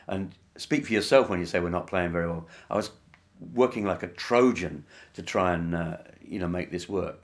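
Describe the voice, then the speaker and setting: Very low-voiced man from England, wry measured anecdotes for an interview. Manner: wry, measured, with many fillers. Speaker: interviewee, band member.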